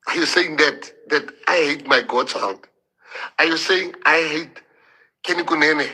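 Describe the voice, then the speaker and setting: This time the Afrikaans-speaking politician sounds a little high, his husky voice pushed and bright over a rough recording. Emotional and halting, he repeats words as he delivers a passionate speech to the public.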